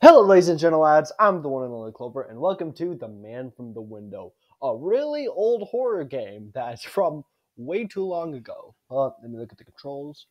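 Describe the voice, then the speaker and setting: A man's voice: fairly high pitch, very animated, moderate pace, a little mellow, muffled recording. A man doing playful let's play commentary, reading game dialogue aloud in a hammy voice. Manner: playful, reads lines in a hammy voice. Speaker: gaming YouTuber.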